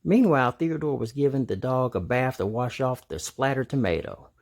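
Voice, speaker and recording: A man narrating a children's storybook aloud in an animated, expressive way. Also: medium pitch, moderate pace.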